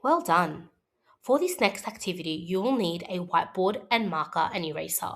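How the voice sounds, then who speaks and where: A woman teaching a scripted phonics lesson for young children, modelling sounds slowly and clearly for them to repeat. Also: on the low side, lively intonation, fairly bright tone.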